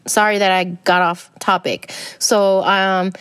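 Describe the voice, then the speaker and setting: A woman's voice: mid-range voice, little pitch movement, slow pace, fairly bright tone, smooth, no echo. A young adult woman hosting a podcast, talking casually about self-help and spirituality in a rambling way with many fillers. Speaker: podcast host.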